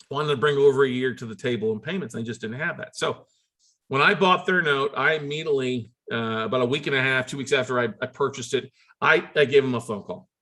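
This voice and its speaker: A man tells a story in a conversational way, with a bright, clear voice. He acts out the phone calls and his pitch leaps up when he does. He often stops and restarts his words. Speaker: note investor telling a story.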